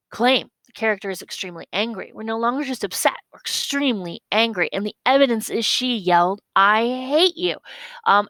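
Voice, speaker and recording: Woman, teacher, gravelly edge, mid pitch, repeats points, asks "okay?". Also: a bit bright, no room sound, rough recording. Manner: explains step by step, repeats points, checks with "okay?". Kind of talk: classroom lesson walkthrough.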